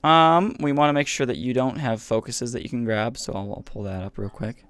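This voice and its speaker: A man running a tabletop game, patiently walking players through rules with frequent pauses and ums. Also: mid-range voice, fairly even intonation, fairly bright tone, clear, resonant tone, dry recording. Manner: patient, hesitant with many ums. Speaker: game master. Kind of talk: explaining rules over voice chat.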